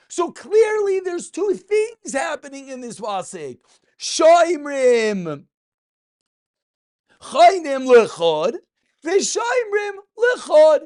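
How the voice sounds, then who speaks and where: A man, a rabbi teaching a daily Talmud class, who asks questions and answers them himself and repeats the key points in a sing-song study-hall cadence. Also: extremely high pitch. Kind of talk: animated Talmud lesson.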